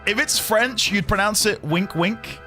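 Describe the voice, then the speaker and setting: A man with a high, bright, forceful voice talks at a measured pace while streaming a video game, with faint music playing behind him. He chats casually and jokes as he plays, breaking into bursts of laughter in a playful let's-play commentary.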